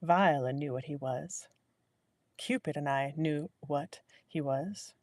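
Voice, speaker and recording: A woman narrating a novel in a live audiobook reading, measured and willing to restart a line. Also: low voice, darkish tone, dry recording, studio quality. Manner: measured, restarts lines to correct herself.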